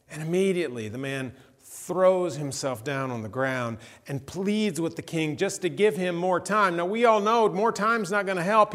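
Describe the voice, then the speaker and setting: A man preaching a sermon, retelling a parable with vivid storytelling that rises into animated emphasis. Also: sits high, in a large hall. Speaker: pastor.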